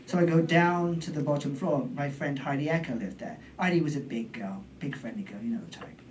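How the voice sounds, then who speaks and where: A man's voice: fairly high pitch, a little fast, a little mellow, recorded from a distance, a little hiss or hum, rough recording. British man telling a rambling stand-up story. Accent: British English. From Britain. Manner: rambling, self-deprecating, trailing asides. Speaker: stand-up comedian. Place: comedy club stage.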